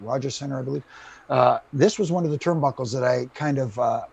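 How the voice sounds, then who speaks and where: A middle-aged retired referee, speaking as a guest on a video call podcast, tells stories in a brisk, animated way, acting out quotes and using "you know" often. His mid-range voice is creaky and slightly rough.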